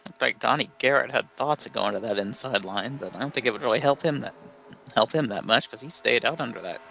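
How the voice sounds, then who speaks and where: A man giving relaxed color commentary on an online stock car race. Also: mid-range voice, fairly quick, gravelly. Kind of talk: sim racing commentary.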